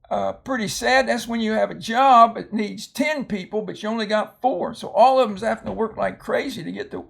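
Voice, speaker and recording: Older man, reading tutor, gravelly, high-pitched voice, patient, halting phonics lesson. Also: fairly bright tone. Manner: slow, patient explaining with many ums and restarts.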